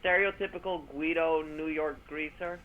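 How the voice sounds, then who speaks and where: A man co-hosting a casual sports chat, his voice a touch higher than most. He leans on sarcasm and drifts into loose, rambling asides. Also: steady tone, moderate pace, narrow, tinny audio. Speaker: co-host.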